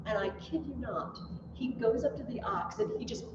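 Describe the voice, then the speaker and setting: A woman teacher giving a classroom lecture, telling stories with lively animation and laughing at her own tales. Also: a little high, moderate pace, highs cut off, noisy background. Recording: echoey classroom from a distant mic.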